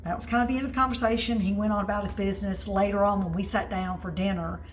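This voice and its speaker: A woman, chatting excitedly and telling stories while cooking in her home kitchen. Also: medium pitch, fast, a little hiss or hum, rough recording. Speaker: home cook host. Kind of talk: casual cooking video chat.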